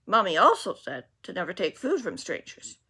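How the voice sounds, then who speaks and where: A woman's voice: lowish voice, huge pitch swings, moderate pace, sharp tone, slightly rough, exaggerated voice. A woman voicing a wary, stubborn little boy lost in the woods, reading a storybook aloud. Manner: wary, guarded.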